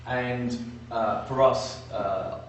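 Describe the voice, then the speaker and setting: A man's voice: mid-range voice, steady tone, very slow. A man giving brief introductory remarks at a talk, hesitant and full of fillers. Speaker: research unit representative. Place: lecture room. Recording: very echoey room, distant from the mic, noticeable noise.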